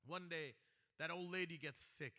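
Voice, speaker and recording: A man's voice: fairly high pitch, moderate pace, pushed and bright. A man giving a sermon, telling stories and rising to emphatic pleas. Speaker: religious speaker. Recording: long hall reverb.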